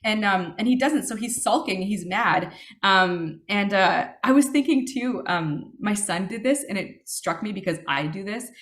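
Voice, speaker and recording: A woman in her thirties shares her recovery story in a mid-range, somewhat bright voice, speaking animatedly but a little slowly. She comes across earnest and reflective, with frequent fillers, restarts, and self-corrections.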